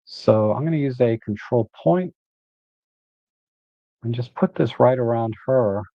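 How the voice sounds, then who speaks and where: A man hosting a live photo editing walkthrough, relaxed and thinking aloud as he works. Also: medium pitch, measured pace, no room sound, highs cut off.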